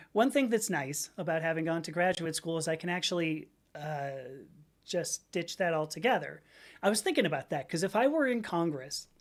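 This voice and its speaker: Rambling American woman reading stream chat. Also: lowish voice. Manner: rambling, self-correcting, answers comments with asides. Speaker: livestream host reading chat. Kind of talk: casual livestream chat.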